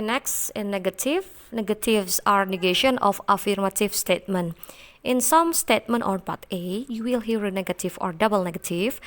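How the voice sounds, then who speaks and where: A woman's voice: mid-range voice, a bit bright. A young woman teaching an English listening lesson, explaining carefully with fillers and restarts, in non-native English.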